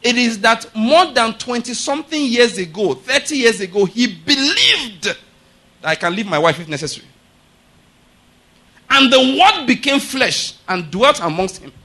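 A male pastor preaching a sermon, emphatic and repeatedly asking the congregation if they follow him, building to loud, forceful declarations. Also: extremely high pitch, big pitch swings, moderate pace.

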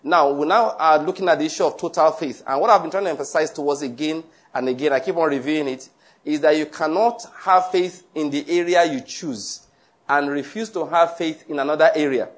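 Male preacher, scripture-reading sermon, earnest and emphatic, voice a touch high. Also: a little fast. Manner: earnest, repeats points for emphasis. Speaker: pastor teaching a Bible study.

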